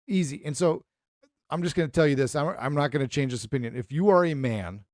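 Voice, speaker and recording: A man's voice: on the high side, fast talker, darkish tone, no echo, clean studio sound. A man co-hosting a podcast in casual chat, laying out firm opinions emphatically. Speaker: podcast co-host.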